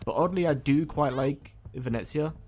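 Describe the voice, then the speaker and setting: A man's voice: fairly high pitch, moderate pace, darkish tone, highs cut off. A man from Ireland streaming a game, chatting casually and a bit groggily, rambling with fillers and restarts. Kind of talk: casual chat while playing a game.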